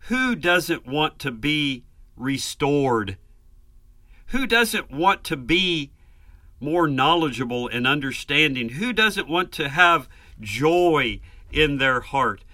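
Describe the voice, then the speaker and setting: A man's voice: a little high, lively intonation, slow, pushed and bright, no room sound, clean studio sound. A man preaching a sermon, earnest and emphatic, building lists and rhetorical questions.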